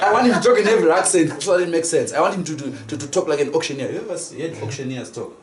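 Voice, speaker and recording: A man's voice: on the high side, expressive, racing, few pauses. A man, a comedian guest, joking playfully in a casual chat. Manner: playful, laughing. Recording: roomy with audience noise.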